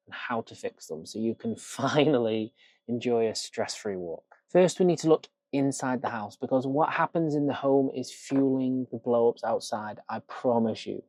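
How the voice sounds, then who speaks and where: Brief: male dog trainer, punchy and casual, mid pitch, dry close sound. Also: a little mellow, dry recording. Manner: emphatic, casual, swears for effect. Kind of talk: direct-to-camera training tips.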